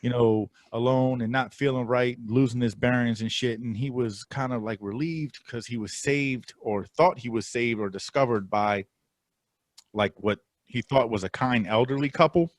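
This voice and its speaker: A man's voice: medium pitch, normal speed, no room sound. Laid-back man rambling through film news. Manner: relaxed, rambling with many fillers and restarts. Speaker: podcast co-host presenting film trailers. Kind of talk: casual chat.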